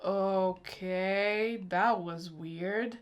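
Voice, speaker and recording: A woman's voice: mid-range voice, extremely slow, highs cut off. A young woman hosting a reaction video, chatting casually and emotionally, talking back at the screen.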